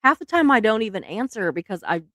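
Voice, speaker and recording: A woman's voice: medium pitch, very animated, fast talker, a bit bright, no room sound, studio quality. A middle-aged woman, hosting a casual live stream, chatty and laughing often, trailing off mid-sentence.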